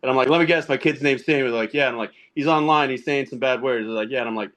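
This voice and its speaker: This podcast guest, a man in his thirties, races through casual anecdotes about fatherhood and gaming in a mid-range, slightly bright voice. He laughs frequently as the stories tumble out.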